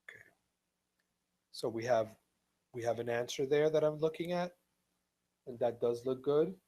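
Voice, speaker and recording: A man of middle pitch teaches an online English class. He speaks slowly and patiently, going over each rule more than once. He reads example sentences aloud with careful stress. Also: warm tone. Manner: slow, patient, repeats each point. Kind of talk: live online ESL lesson.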